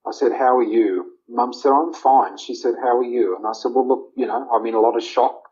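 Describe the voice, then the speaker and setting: A man's voice: mid-range voice, fairly even intonation, a little fast, darkish tone. A middle-aged Australian man, an interview guest, earnestly telling a heartfelt personal story and retelling family conversations in detail. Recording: slightly muffled lo-fi audio.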